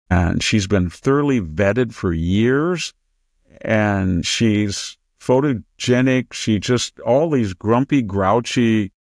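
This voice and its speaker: A man's voice: fairly low pitch, vocal fry, darkish tone, no room sound, clean studio sound. An American man in his seventies, a historian hosting a political talk show, speaking emphatically and mocking others with raised quoted voices. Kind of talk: political commentary conversation.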